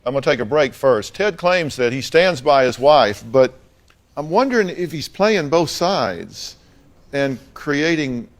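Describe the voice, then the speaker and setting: A man's voice: fairly high pitch, animated, measured pace. A man hosting a talk show, bluntly questioning a guest with dry humor.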